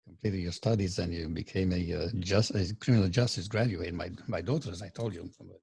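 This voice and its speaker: A man's voice: low-pitched, brisk, vocal fry, darkish tone, husky, dry recording. A male interviewer who asks his questions with hesitant, trailing phrasing.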